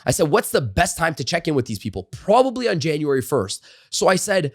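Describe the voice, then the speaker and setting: Animated sales-trainer man, dry close sound. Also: on the high side, a little fast, dry recording. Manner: animated storyteller, frequent "like" and "you know" fillers. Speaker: sales trainer and author, podcast guest. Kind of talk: conversational storytelling interview.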